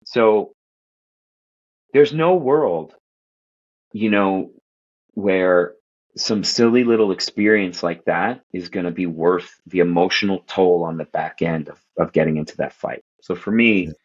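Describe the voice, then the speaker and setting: A man from Queens, New York, telling stories as a podcast guest in animated, casual talk, swearing and acting out what people said. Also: low-pitched, unhurried, highs cut off. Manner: animated, profane, acts out quoted voices. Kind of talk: casual storytelling chat.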